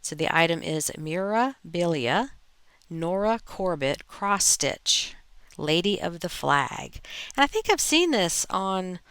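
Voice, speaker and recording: A woman hosting a reselling channel, relaxed and chatty as she reads viewer posts aloud with her own asides. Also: deep voice, vocal fry, clear, resonant tone, no echo. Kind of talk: reading viewer posts in a casual narration.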